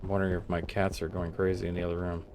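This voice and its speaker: A man with a fairly low voice talks through his game session from a room at home. His commentary is loose and rambling, full of little self-mocking jokes aimed at his viewers. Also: monotone, very fast, darkish tone, a little hiss or hum. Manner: rambling, self-joking and chatty. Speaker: game streamer. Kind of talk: casual gameplay commentary.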